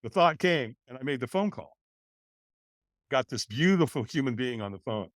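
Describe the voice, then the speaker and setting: A man's voice: mid-range voice, moderate pace, dry recording, studio quality. Older man telling his story animatedly. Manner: animated, acts out voices in his stories. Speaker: guest. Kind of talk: storytelling interview.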